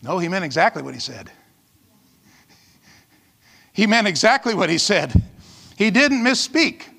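A man's voice: high-pitched, very animated, a little slow, gravelly, bright, forceful tone, slightly rough. A man pastor preaching a sermon with emphatic, fiery delivery and call-outs to the congregation. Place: church hall. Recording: long reverb of a large hall.

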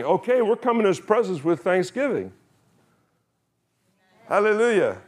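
A man preaching a conversational sermon to a congregation, reading scripture slowly and asking the people questions. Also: sits high, sing-song. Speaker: pastor.

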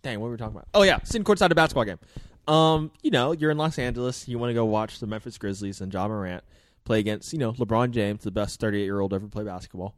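A man's voice: lowish voice, quick pace, dry recording, studio quality. A man co-hosting a podcast, chatting casually about sports news in a loose, rambling way with slang and lots of fillers. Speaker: podcast co-host.

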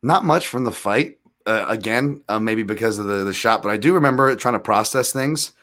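A man's voice: lowish voice, normal speed, fairly bright tone. Self-deprecating man telling rambling stories. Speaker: guest, MMA analyst. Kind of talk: casual storytelling in a podcast interview.

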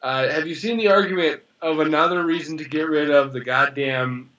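Male podcast co-host, blunt and sarcastic, sharp bright tone, recorded with muffled lo-fi sound. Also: on the high side, normal speed. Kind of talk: casual chat. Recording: dull lo-fi sound.

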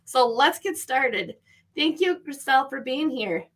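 In a casual interview chat, this podcast host gushes with enthusiasm. She has a high-sitting, animated voice and takes her time, speaking at an unhurried pace.

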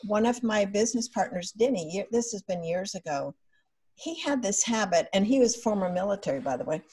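A woman speaking as a podcast guest, with a slightly husky, breathy tone. She talks in a measured, earnest way, at an ordinary middle pitch. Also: expressive, darkish tone. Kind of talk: conversational podcast interview.

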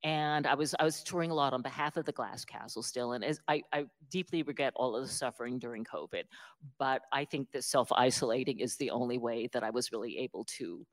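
A woman author being interviewed, telling stories in an animated, self-deprecating way and laughing often. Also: a bass voice, brisk. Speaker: author guest. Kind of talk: conversational interview storytelling.

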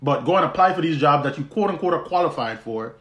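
Speaking fast in a slightly high, fairly bright voice, this young man from the U.S. Virgin Islands hosts a podcast and shares a personal story. He's expressive and conversational, with frequent restarts and easy laughter, all in a roomy, echoing space.

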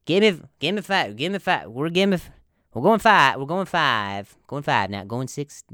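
A man's voice: fairly high pitch, big pitch swings, bright, forceful tone, dry recording, clean studio sound. A man playing an auctioneer who keeps calling bids and stumbling on the numbers with a stutter. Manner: rapid bid-calling with stalls and repeats.

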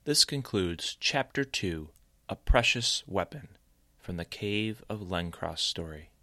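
A man delivers a podcast outro in a slow, measured way. His voice is very low and the recording is dry and close, with no room sound. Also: expressive, pushed and bright, no echo. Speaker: podcast host.

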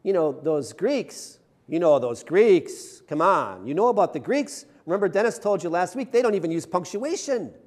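A man's voice: high voice, very animated, moderate pace, few pauses. A male pastor preaching a conversational sermon, chatty and self-deprecating, often checking in with the congregation. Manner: chatty, self-deprecating humor, frequent "right?" tags.

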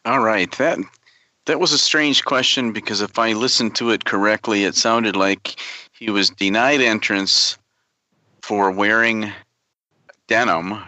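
A man with a low voice and a bright, forceful edge, working through his trivia answers step by step. He is recorded close and dry. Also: no room sound, lo-fi sound. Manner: deliberate, reasons things out aloud. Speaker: trivia contestant. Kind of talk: casual game chat.

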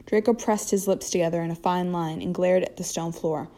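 A woman reads a story aloud in a low, even voice. She keeps a steady pace and sometimes stumbles and restarts a word. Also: brisk. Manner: steady reading with occasional slips and restarts. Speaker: fanfiction reader. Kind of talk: reading fiction aloud.

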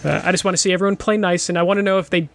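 A man's voice: sits high, steady tone, rapid-fire, creaky. A man co-hosting a gaming podcast in casual chat, blunt and profane, often laughing as he talks. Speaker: podcast co-host.

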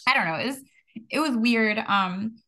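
A woman's voice: fairly high pitch, animated, normal speed, bright, forceful tone. A young woman guest chatting casually on a podcast, laughing often and saying "like" a lot. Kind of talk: casual conversation about grief.

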